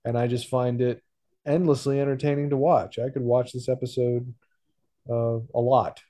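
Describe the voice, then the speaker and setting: A man co-hosting a podcast, talking about a cartoon in a measured, thoughtful way with filler pauses. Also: medium pitch, little pitch movement, warm tone. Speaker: podcast co-host. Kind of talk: casual chat about a cartoon episode.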